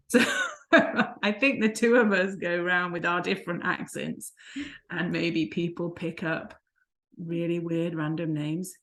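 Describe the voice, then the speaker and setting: A woman's voice: fairly low pitch, steady tone, a little slow, fairly bright tone. A woman, a life coach co-hosting a vlog, telling stories in casual chat and laughing often. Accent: non-American, unplaced. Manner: chatty storyteller who laughs often.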